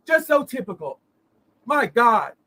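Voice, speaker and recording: A woman's voice: a little high, very animated, measured pace, a bit bright, full character voice, low-quality recording. A woman doing an impression of a brash, foul-mouthed woman streamer, ranting at her audience with repeated rhetorical questions. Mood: indignant rant. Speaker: host.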